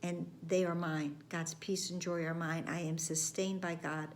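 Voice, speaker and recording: A woman giving a reflective spiritual lesson, speaking gently with repeated phrases and some words dropped to a whisper. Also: fairly low pitch, little pitch movement, unhurried, a little hiss or hum. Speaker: spiritual course teacher.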